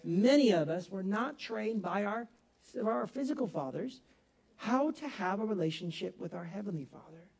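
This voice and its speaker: A man preaching a sermon to a congregation, swinging from soft asides to loud, emphatic bursts and sometimes laughing at himself. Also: high-pitched, animated, moderate pace, vocal fry. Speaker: pastor. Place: church hall with congregation.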